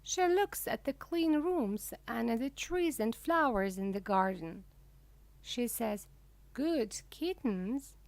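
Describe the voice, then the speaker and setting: A woman reading a children's storybook aloud slowly and clearly for English learners. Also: dry recording. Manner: clear, deliberate reading with lively pitch. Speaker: reader.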